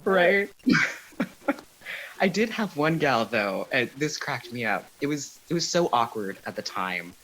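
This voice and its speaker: A man's voice: mid-range voice, slow, a little hiss or hum, rough recording. A man talking as a guest in a casual interview, telling stories at an easy pace with lots of "um" and "you know". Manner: relaxed storytelling with frequent fillers.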